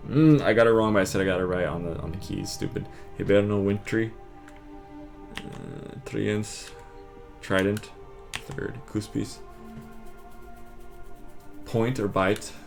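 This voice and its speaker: A man quizzing himself on word cards, muttering terse answers and quick verdicts of right or wrong. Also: on the low side, fairly even intonation, gravelly, music in the background. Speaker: vlogger drilling vocabulary.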